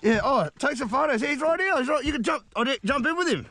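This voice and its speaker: An Australian man filming from a boat, excited and swearing. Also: very high voice, quick pace. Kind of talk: excited outdoor phone video.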